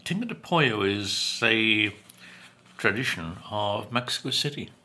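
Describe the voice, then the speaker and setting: A man's voice: lowish voice, expressive, sharp tone. A man reviewing takeout food in a casual chat while he eats, with dry humor, chewing and humming between remarks. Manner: unhurried, chatty, dry humor, chews and hums between remarks. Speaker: food vlogger.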